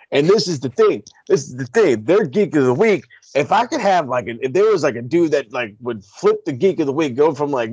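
Profane, rambling podcast host. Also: male voice, mid-range voice, dry recording. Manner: rambling, profane, animated ranting. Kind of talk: casual chat. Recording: dull lo-fi recording, dry.

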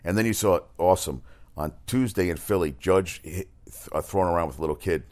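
A man's voice: sits low, brisk, a little mellow. A man hosting a casual sports talk monologue, rambling and profane, often restarting his sentences. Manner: exasperated outbursts.

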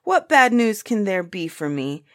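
Storybook giant, three heads, big blusterer gone shaky, voiced by a woman, loud and lifted. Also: mid-range voice, big pitch swings, measured pace, dry recording, studio quality. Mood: boastful. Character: three-headed male giant, boastful then cowardly.

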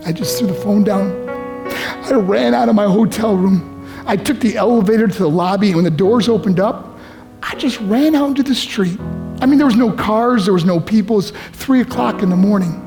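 A man's voice: sits high, brisk, over music. A man telling a personal story as a motivational speaker to teenagers, his voice rising with emotion.

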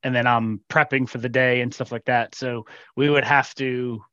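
A man co-hosting a podcast in casual chat, easygoing and quick to laugh. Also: medium pitch, fairly even intonation, a bit bright, dry recording. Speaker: podcast co-host. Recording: dull, dry lo-fi sound.

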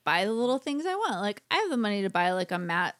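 A woman's voice: medium pitch, sing-song, fast, fairly bright tone, no echo. A woman co-hosting a casual chat, joking and talking with lots of "like".

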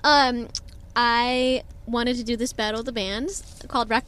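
A young woman who writes her band's lyrics, teasing and expressive in a casual group interview. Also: on the high side, measured pace, clear, resonant tone. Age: young adult. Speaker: band songwriter.

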